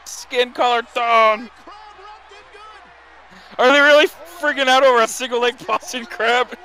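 A man's voice: very high-pitched, fairly even intonation, unhurried, pushed and bright. A man on a voice chat call making joking, mocking asides while watching wrestling. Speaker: co-host. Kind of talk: live wrestling watch-along commentary.

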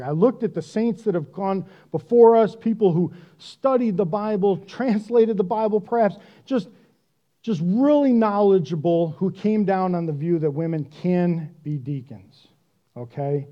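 High-voiced man preaching with lively talk. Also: measured pace, highs cut off. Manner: conversational, self-deprecating, animated. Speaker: pastor. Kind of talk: sermon.

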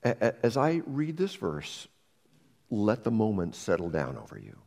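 A man preaching a sermon as pastor, moving between dramatic rises and hushed near-whispers, often repeating the first words of a phrase. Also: fairly low pitch, huge pitch swings, moderate pace, vocal fry.

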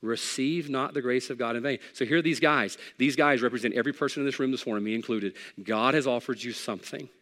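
A middle-aged male pastor preaching a sermon, conversational and emphatic, shifting from loud peaks to soft pleading. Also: medium pitch, fast, few pauses, long reverb tail. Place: church sanctuary.

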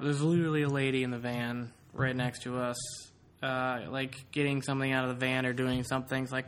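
A man's voice: medium pitch, little pitch movement, fairly quick, fairly bright tone, smooth. A man hosting a casual podcast, telling a rambling story with many fillers. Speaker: podcast host.

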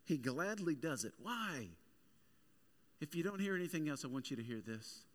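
A man in his thirties preaches as a pastor in a very animated, slightly high voice at normal speed. His sermon weaves lighthearted everyday stories into emphatic preaching, moving from humorous storytelling to forceful delivery.

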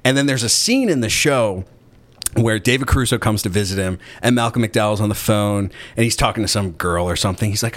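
Man, low-ish voice, podcast host, casual chat, sarcastic, swears a lot, rambling. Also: brisk. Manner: sarcastic, profane, rambling storyteller. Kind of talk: casual chat, retelling an anecdote.

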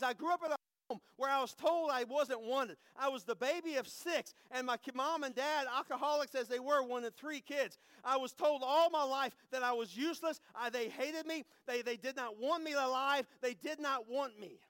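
High-voiced man preaching. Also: moderate pace, clear, resonant tone, no echo. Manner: emotional, swings from hushed to loud, repeats phrases. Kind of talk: sermon testimony.

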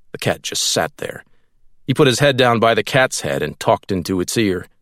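Male reader, lively pitch, wry literary narration, close dry sound. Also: moderate pace, no echo. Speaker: audiobook narrator.

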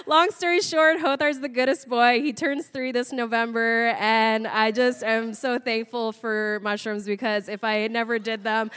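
A young woman with a somewhat high voice tells a funny story from her own life, animated and quick to laugh. She swears freely as she talks. Her voice carries a long, hall-like reverb. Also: clean tone. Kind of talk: comic storytelling.

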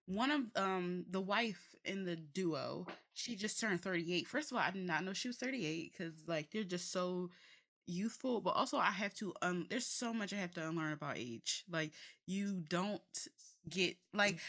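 A young woman co-hosting a casual podcast chat, telling stories in an animated way, full of fillers, restarts and laughter. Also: medium pitch. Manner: chatty, animated storytelling with frequent laughs. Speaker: podcast co-host.

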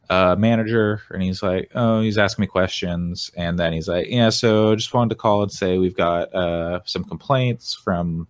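A man's voice: deep voice, no echo, clean studio sound. A young man co-hosting a gaming podcast, chatting casually and telling a story with frequent laughs. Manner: relaxed storyteller, laughs often. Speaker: podcast co-host. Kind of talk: casual chat.

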